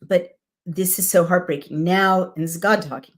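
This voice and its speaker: Woman w a really low voice reading bible verses and chatting about them, thoughtful, lots of "you know". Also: fairly even intonation, normal speed. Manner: reflective, conversational asides with "right?" and "you know". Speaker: Bible reader and commentator. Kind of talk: scripture reading with personal commentary.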